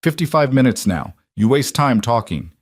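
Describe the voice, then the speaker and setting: A man's voice: medium pitch, sing-song, normal speed, no echo, clean studio sound, pitched above the performer's own voice. A man voicing a cold, callous landlord with a foreign accent who speaks in blunt, clipped broken English.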